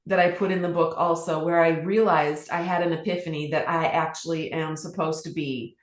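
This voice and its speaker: A middle-aged woman speaks as a podcast guest, telling personal stories in an earnest, heartfelt way. She often stops and restarts her sentences. Her voice sits in a roomy space with a clear echo around it. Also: sits low, steady tone, brisk. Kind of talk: candid personal storytelling.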